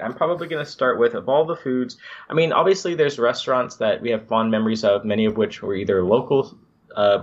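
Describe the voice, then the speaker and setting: A man's voice: fairly low pitch, lo-fi sound. A man hosting a podcast, chatting casually and enthusiastically with some rambling restarts. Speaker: podcast host.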